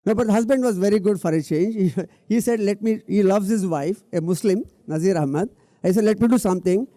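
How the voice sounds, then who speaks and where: Middle-aged guy giving a stage talk, higher voice, dark mellow tone, dry sound. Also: a little fast, no room sound. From India. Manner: earnest, emphatic, repeats key words, addresses the audience directly. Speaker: speaker at a public talk event.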